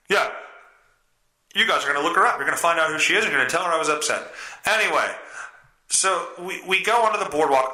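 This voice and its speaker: A man's voice: a little high, pushed and bright. A man hosting a podcast, telling stories in a casual, crude, self-mocking way. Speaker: podcast host. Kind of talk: casual solo storytelling. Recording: roomy echo.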